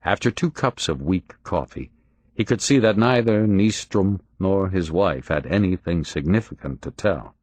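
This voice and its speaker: A man narrating an audiobook in a steady, expressive reading. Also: deep voice, normal speed, no room sound. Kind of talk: audiobook narration of a crime novel.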